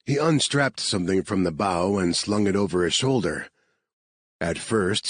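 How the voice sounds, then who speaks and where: A man narrating an audiobook with a low, husky voice. He reads slowly and evenly. The recording is dry and close, with no room sound. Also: dry recording. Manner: measured, even reading.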